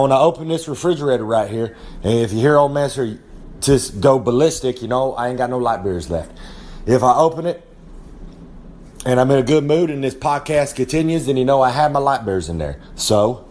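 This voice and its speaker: A young wrestler with a Southern American accent chats loosely for a podcast segment from his home trailer, naming himself in the third person. His voice is medium in pitch, a touch mellow, and normal in speed, with a faint hiss or hum in the audio.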